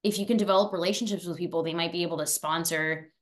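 A young woman from France, a former student, talking fast and chatty in a casual interview. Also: on the low side, fairly even intonation.

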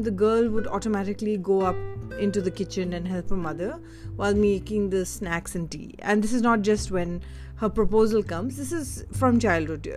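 A woman from Delhi shares personal stories in a candid, reflective way, often pausing to search for her words. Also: mid-range voice. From India (Delhi). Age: adult. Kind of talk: personal storytelling monologue.

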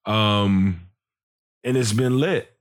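A man who is a podcast guest, talking in a relaxed, slangy, reflective way with plenty of fillers. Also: on the low side, very slow. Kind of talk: casual chat.

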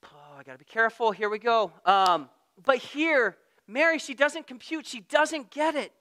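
A man preaching a sermon in a conversational way, at times getting loud and at times dropping to a hush. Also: very high voice, animated, moderate pace. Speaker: pastor.

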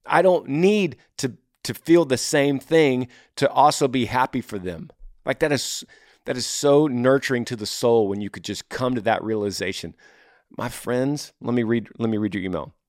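Hosting an advice show, a man reads listener emails and earnestly talks them through, often acting out listeners' worries in voices. His medium-pitched, darkish voice keeps a moderate pace, recorded with clean studio sound and no room sound.

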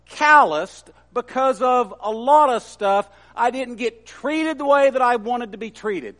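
Male preacher, very high voice, slow delivery, earnest sermon style. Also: fairly bright tone.

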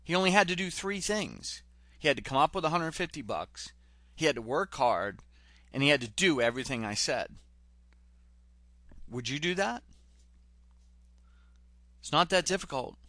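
A man's voice: a little high, sing-song, normal speed, pauses often, bright, forceful tone, no echo. A man giving a direct, pushy motivational talk as a sales coach. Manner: direct, pushy, retells film scenes.

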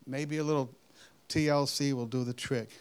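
A man voicing a calm older country doctor, plain and matter-of-fact in his advice. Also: medium pitch, moderate pace, clean tone, close to an everyday voice.

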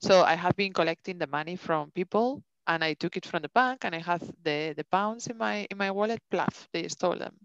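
Casual female co-host, smooth clear voice, laughs easily, dry muffled audio. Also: lowish voice, brisk, few pauses, dry recording. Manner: laughs along, loose storytelling. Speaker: podcast co-host. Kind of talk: casual chat. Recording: dull, dry lo-fi sound.

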